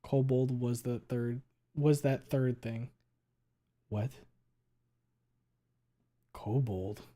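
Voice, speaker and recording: Guy streaming and chatting, mid pitch, fast slurred-together words, swears a lot. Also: fairly even intonation, warm tone. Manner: quick, words run together, frequent swearing and fillers. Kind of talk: casual chat reading viewer messages.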